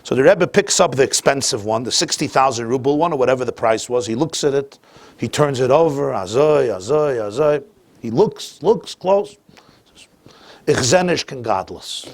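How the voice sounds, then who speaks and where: A man teaching a class as a rabbi, telling a story sprinkled with Yiddish and Hebrew phrases and swinging between quiet asides and loud emphatic bursts. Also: mid-range voice, animated, normal speed, no echo.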